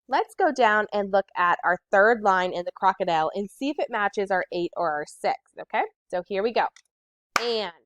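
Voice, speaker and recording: Woman teacher counting syllables slowly. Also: mid-range voice, no echo. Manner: slow, deliberate counting of syllables. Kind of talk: recorded classroom lesson.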